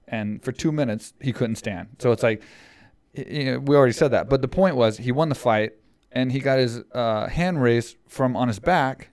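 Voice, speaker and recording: Animated man swapping fight talk. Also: medium pitch, normal speed. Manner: animated, swearing, repeats phrases, calls people dude. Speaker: podcast co-host. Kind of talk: casual sports chat.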